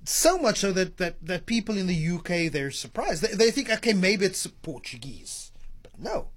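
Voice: mid-range voice, big pitch swings, normal speed, slightly rough, no echo. A radio presenter, musing playfully aloud in casual on-air chat.

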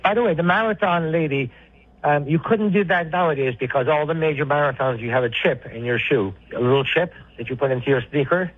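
A man's voice: fairly high pitch, a little fast. A man calling in regularly to a sports radio show, chatty and a little scattered. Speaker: regular caller. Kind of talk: sports talk radio call-in. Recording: tinny phone line with faint fiddle music.

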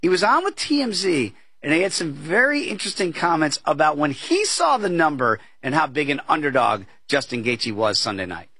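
A man's voice: fairly high pitch, sing-song, brisk, hardly any pauses, pushed and bright, breathy edge, no room sound. A man hosting a sports betting talk show, chatting casually with asides and tangents. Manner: chatty, conversational, fond of asides.

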